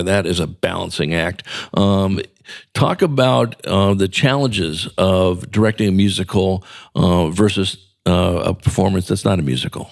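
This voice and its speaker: A man's voice: sits low, vocal fry. A man hosting a casual interview chat, chatty and encouraging, with lots of ums and uhs. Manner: chatty, filler-heavy, encouraging. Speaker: podcast host.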